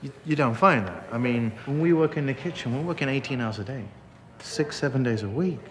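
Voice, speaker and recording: The man is a head chef whose mid-range voice is brisk and a bit bright. In his restaurant kitchen he barks orders intensely and curses, seen through both a documentary interview and shouting during service.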